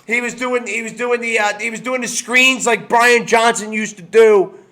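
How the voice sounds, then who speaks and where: A furious man hosts a solo sports talk show in a high, sharp voice. He hammers the same complaints over and over and trips over his words as his anger builds. His delivery stays heated and bitter throughout. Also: steady tone, moderate pace. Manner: stumbles and restarts when worked up. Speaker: sports podcast host.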